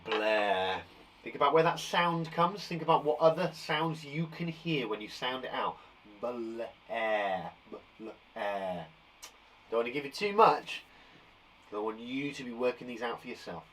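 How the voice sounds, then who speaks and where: A man teaching a live online lesson for young children from a garden shed, upbeat and warmly encouraging, chatting with a puppet. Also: mid-range voice, animated, moderate pace, far from the mic, slight background noise. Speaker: primary school teacher.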